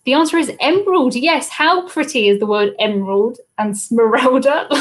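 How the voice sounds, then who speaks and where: A British woman with a high, lively voice runs a live cruise trivia stream at a normal pace. She chats casually into her laptop's webcam mic, reading viewers' comments aloud and replying to them.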